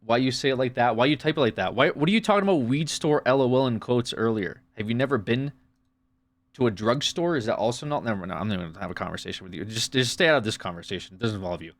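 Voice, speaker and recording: A man's voice: medium pitch, expressive, quick pace. A man from the United States, streaming live and reacting to chat with sarcastic, profane, rambling rants.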